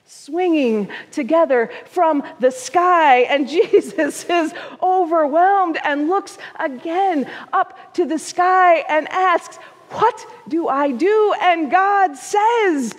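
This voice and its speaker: A woman pastor telling a story in a sermon, slow and expressive, putting on small voices for the quoted figures. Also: extremely high pitch. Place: church sanctuary. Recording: long church reverb.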